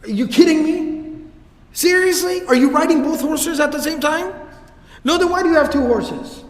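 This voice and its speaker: An indignant older man , played by a lecturer, fires off incredulous, scolding questions at people's fine things. The voice sits fairly high. It rings with the long reverb of a large hall. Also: sing-song, moderate pace, darkish tone. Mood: exasperated.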